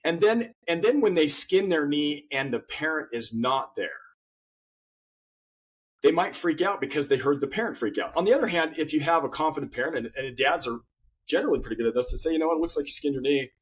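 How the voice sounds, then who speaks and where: A man with a husky, slightly breathy voice talks earnestly as a guest in an interview. He builds his points through stories, often doubling up on words as he speaks. The audio is muffled and lo-fi, with its top end dulled. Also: on the high side, animated, brisk. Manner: earnest storyteller, repeats words. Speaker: guest author. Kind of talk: interview conversation.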